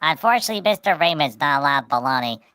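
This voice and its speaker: A woman's voice: deep voice, lively intonation, fast, crowd noise. A woman telling a rambling anecdote in casual podcast chat, often restarting with repeated words. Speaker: storyteller on a podcast.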